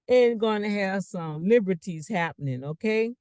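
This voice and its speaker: A man's voice: high voice, expressive, normal speed, hardly any pauses, smooth, no room sound. A man giving a casual, rambling online talk as a financial coach, preaching with asides while sharing his screen.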